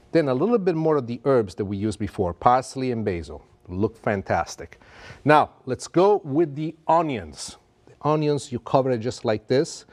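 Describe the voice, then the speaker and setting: A man's voice: medium pitch, darkish tone. A middle-aged man with an Italian accent hosting a cooking demonstration in a TV kitchen, talking in a playful, theatrical, self-mocking way. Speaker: TV chef host. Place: TV kitchen set. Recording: music playing under the voice.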